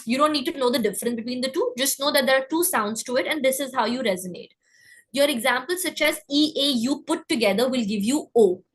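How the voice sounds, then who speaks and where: A woman teaching French pronunciation, saying example words slowly so learners can repeat after her. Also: high voice, slightly rough, low-quality recording. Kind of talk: pronunciation lesson.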